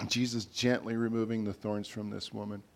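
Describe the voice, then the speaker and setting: A man, a pastor, preaching a sermon in a conversational way, his loudness rising and falling as he makes his points. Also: on the low side, flat delivery, normal speed, vocal fry.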